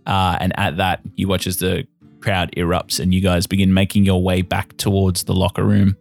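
A man's voice: deep voice, completely flat delivery, normal speed, creaky, faint music behind. A man as game master narrating a tabletop game in a casual, chatty way with lots of fillers.

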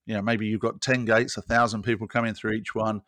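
A man's voice: on the low side, little pitch movement, fairly quick, a bit bright, no echo. A British man talking as a technology guest, explaining scenarios step by step in casual conversation. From Britain. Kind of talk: casual interview chat.

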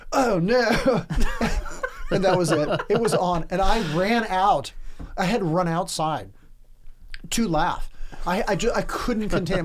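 A man's voice: sits high, slight background noise. A man co-hosting a podcast, telling a funny work anecdote in casual chat and laughing often. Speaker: podcast co-host.

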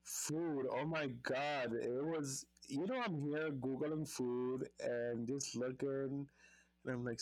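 A man's voice: medium pitch, slow, a little mellow. A man with a mid-range voice chats casually as a podcast co-host. He explains things at length and adds short agreement as the other host talks. His voice sounds dry and close, with no room echo. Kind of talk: casual chat.

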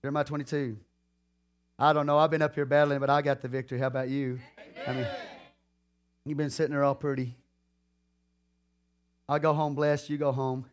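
A man's voice: medium pitch, brisk, pauses often. A man preaching a sermon in a church, talking straight to the congregation and asking them questions as he goes. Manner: lively preaching, calls out to the congregation.

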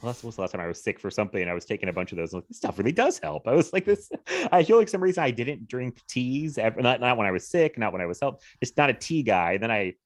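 A man's voice: medium pitch, expressive, quick pace, few pauses. A man hosting a film podcast, chatting casually with frequent laughs and fillers. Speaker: podcast host.

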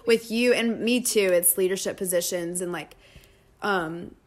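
A woman's voice: fairly low pitch, a little slow. A young woman speaking as a podcast guest in casual chat, earnest and reflective. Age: young adult.

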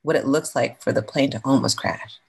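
A woman's voice: extremely low pitch, a little fast, gravelly, husky, rough recording. A woman from California telling her own story as a guest in a casual, chatty, slangy way. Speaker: podcast guest.

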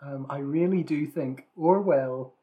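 A man's voice: on the high side, a little slow, phone-quality sound. Chatty man co-hosting a podcast. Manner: chatty, self-deprecating, frequent restarts and fillers. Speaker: podcast co-host. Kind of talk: casual podcast chat.

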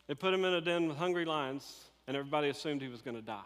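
A man preaching a sermon, telling a Bible story in an animated, conversational way and acting out the characters. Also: on the high side, rapid-fire, smooth, big-room sound. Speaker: pastor.

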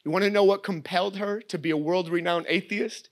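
A man's voice: high voice, a little fast. A man, preaching a sermon as guest preacher, telling stories and voicing his daughter. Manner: animated storytelling, voices his daughter.

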